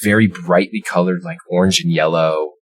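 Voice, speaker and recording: A man's voice: sits low, fairly even intonation, moderate pace, no echo. A man in his thirties hosting a podcast who chats casually and tells rambling stories with many fillers and easy laughs. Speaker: podcast host. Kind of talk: casual chat, storytelling.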